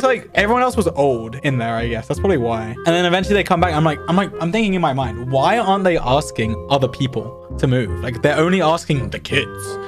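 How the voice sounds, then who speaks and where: Young man rambling through a story. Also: a little high. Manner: rambling, with frequent "like" fillers. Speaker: streamer. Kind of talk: casual storytime. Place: home streaming setup.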